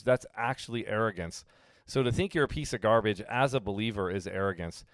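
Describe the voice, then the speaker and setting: Pastor, male, low smooth voice, dry close mic, chatty teaching sermon. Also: a little fast, dry recording. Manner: conversational, with frequent fillers and acted-out quotes.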